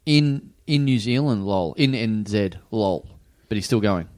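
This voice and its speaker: A man, co-hosting a comedy podcast in excitable banter, often stammering into his sentences. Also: lowish voice, a little slow. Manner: excitable, stammering restarts, giggly. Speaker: podcast co-host.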